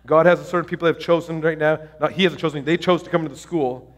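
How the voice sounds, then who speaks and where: Excitable high-voiced man preaching. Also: fast talker. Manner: excited, storytelling, many restarts and fillers. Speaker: pastor. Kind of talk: sermon.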